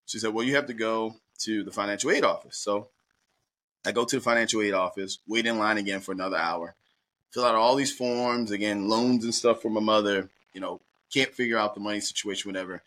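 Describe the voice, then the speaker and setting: A middle-aged man from Baltimore tells a personal story as an interview guest. His voice sits low but comes out bright and forceful. He keeps it animated and slips into the other people's lines as he goes. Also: brisk. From Baltimore, USA. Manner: lively anecdotal, acts out dialogue.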